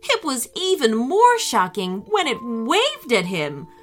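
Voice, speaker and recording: A woman narrating a children's storybook in a gentle, expressive and unhurried way. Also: on the high side, soft background music.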